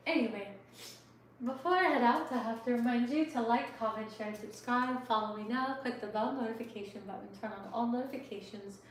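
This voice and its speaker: A woman in her thirties closing out a livestream from her home kitchen, talking softly and heartfelt, rambling with many fillers. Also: medium pitch, distant mic, slight background noise. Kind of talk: casual livestream sign-off chat. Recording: echoey room, voice from off the mic.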